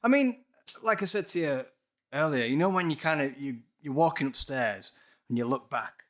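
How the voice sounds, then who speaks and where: Bright-voiced man, dry skeptic. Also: fairly high pitch, animated, moderate pace. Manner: swearing, dry and skeptical, acts out voices in stories. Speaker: podcast guest, musician. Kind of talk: casual storytelling.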